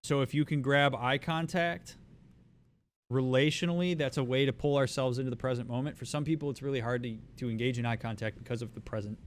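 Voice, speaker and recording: A man speaking as a therapist, giving a calm, explanatory lecture on a livestream. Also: medium pitch, fairly quick. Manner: calm, explanatory, acts out soothing reassurance.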